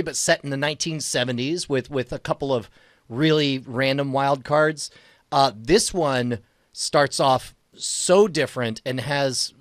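A man co-hosting a podcast, chatting casually in an excitable way with stammered restarts. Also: medium pitch, dry recording, clean studio sound. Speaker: podcast co-host. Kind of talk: casual chat.

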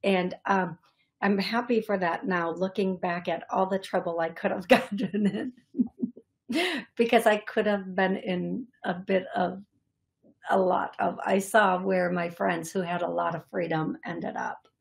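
A young adult woman hosting a psychic medium show, speaking in a halting, repetitive way with many fillers as she passes on messages to viewers. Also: medium pitch, steady tone, gravelly. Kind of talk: live-stream reading for viewers.

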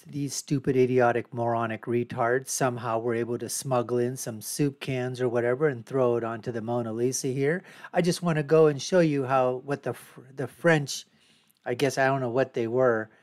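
A man's voice: medium pitch, a little mellow, no room sound. A man hosting his own show, giving scornful, ranting commentary over news footage. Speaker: show host.

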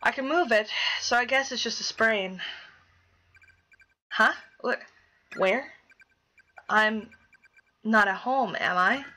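A woman's voice: a little high, slow, pauses often, bright, forceful tone, rough recording. A young woman playing a game and reading its dialogue aloud, chatty and dramatic, swearing casually as she reacts. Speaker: gaming YouTuber.

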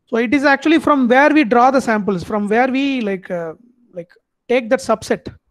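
A high-pitched man with an Indian accent explains his lecture step by step and keeps checking in with his listeners. His voice sounds dry and close. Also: moderate pace, a bit bright, dry recording. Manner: explanatory, checks in with frequent "okay". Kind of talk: online lecture.

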